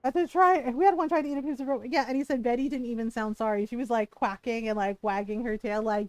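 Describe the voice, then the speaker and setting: Female game streamer, high pitch, rambling casual storyteller. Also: lively intonation, fast talker, hardly any pauses, darkish tone, no room sound. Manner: chatty, rambling, laughs through her stories.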